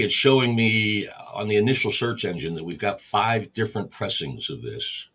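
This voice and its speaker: Husky man cataloging records on a livestream. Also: on the low side. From United States. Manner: relaxed, explains each step while working. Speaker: record store livestream host. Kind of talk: casual livestream narration.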